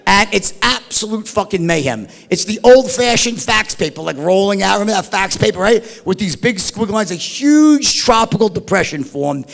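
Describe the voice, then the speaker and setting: Profane high-pitched storytelling man. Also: animated, normal speed, vocal fry, few pauses, a bit bright. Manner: profane, rambling, says "right?" and "like" often. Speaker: storyteller guest. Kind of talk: animated anecdote telling. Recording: long hall reverb.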